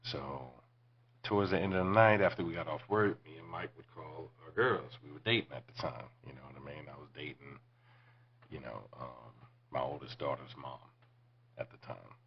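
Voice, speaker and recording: Very deep gravelly man telling stories. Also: moderate pace, muffled recording, slight background noise. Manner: profane, laid-back, drops to near-whispers. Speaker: podcast host. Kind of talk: casual storytelling.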